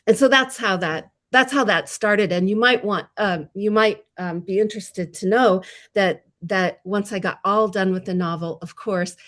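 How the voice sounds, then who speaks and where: A woman's voice: mid-range voice, normal speed, hardly any pauses, fairly bright tone. A woman novelist on a panel discussion, talking in a reflective, self-deprecating way and laughing at herself.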